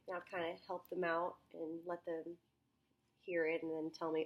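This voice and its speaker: A woman's voice: fairly low pitch, monotone, moderate pace, highs cut off. A young woman talking through a phonics lesson plan as a student teacher, thinking aloud with many ums and restarts.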